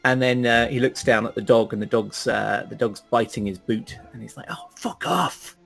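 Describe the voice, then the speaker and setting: Gravelly male tabletop player. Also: mid-range voice, steady tone, brisk, fairly bright tone, soft background music. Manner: rambling, with fillers. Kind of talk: describing his character in a tabletop game.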